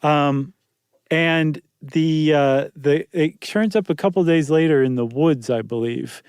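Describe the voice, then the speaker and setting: Man co-host, slightly higher voice, loose chatty delivery, dry close mic. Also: unhurried, a little mellow, smooth, dry recording. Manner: loose and chatty, many ums and restarts. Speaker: podcast co-host. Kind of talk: casual chat.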